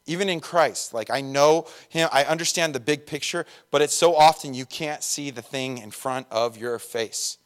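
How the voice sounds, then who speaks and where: Young male pastor, slightly raised pitch, casual self-deprecating delivery, filler-heavy sermon. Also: normal speed, few pauses. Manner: chatty, jokey, self-deprecating, lots of fillers.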